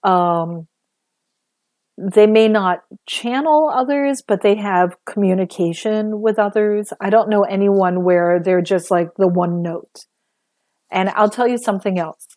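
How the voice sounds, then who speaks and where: Woman, spiritual teacher, casual livestream talk, chatty and earnest, slightly sore, mellow tone, dry close sound. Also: medium pitch, unhurried, dry recording. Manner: chatty, earnest, many fillers and acted quotes. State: a little sore after a busy day.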